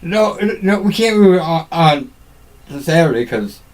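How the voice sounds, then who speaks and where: A man's voice: a little high, expressive, low-quality recording. A man co-hosting a casual chat podcast, often stumbling and repeating words as he gets going. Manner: halting, repeats words while getting going. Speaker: podcast co-host.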